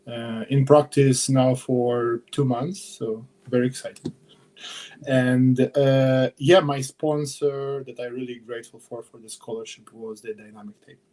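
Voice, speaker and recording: A young man from Israel speaking as a guest on a video call, in a hesitant, halting way. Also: medium pitch, steady tone, mellow. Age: young adult. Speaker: panel guest.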